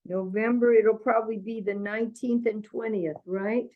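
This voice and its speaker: A woman storyteller chatting warmly and appreciatively with a friend over a video call. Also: on the high side, steady tone, normal speed, phone-quality sound. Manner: warm, appreciative listener. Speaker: fellow storyteller. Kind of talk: casual chat.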